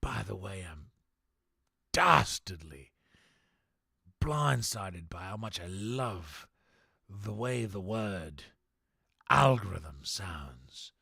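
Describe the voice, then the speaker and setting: A man's voice: low-pitched, lively intonation, slow pace, vocal fry, husky, no echo, clean studio sound. A male game streamer chatting to his live viewers in a theatrical, mock-formal put-on accent.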